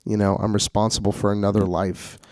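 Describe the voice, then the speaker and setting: A man's voice: lowish voice, little pitch movement, a little fast, a little mellow, dry recording. Rambling young man in casual chat. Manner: rambling storyteller, acts out quotes. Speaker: co-host.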